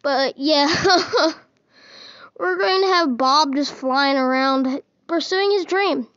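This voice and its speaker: A woman's voice: sits high, slow pace, fairly bright tone, no echo, lo-fi sound. A woman giving casual, playful gameplay commentary, teasing and chatting to the characters in her game. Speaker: gaming video host.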